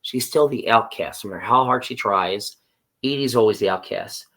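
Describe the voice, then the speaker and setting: A man's voice: fairly low pitch, moderate pace. A man co-hosting a podcast, casually retelling TV scenes and acting out the characters' lines as he goes. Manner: animated storyteller who acts out characters' lines. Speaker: podcast co-host. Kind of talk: casual chat recapping a TV episode.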